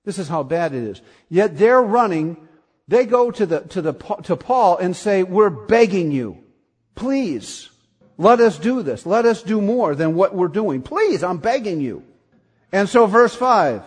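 A man preaching a sermon and reading scripture aloud, often asking the congregation questions and rising to excited, high-pitched calls. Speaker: pastor.

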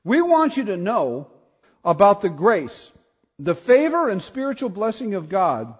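A man preaching a sermon and reading scripture aloud, often asking the congregation questions and rising to excited, high-pitched calls. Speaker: pastor.

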